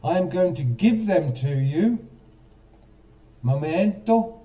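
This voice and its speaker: A man's voice: fairly high pitch, expressive, slow, warm tone, far from the mic. A man hosting a casual live stream, chatting straight to viewers and quizzing them, with a self-mocking manner.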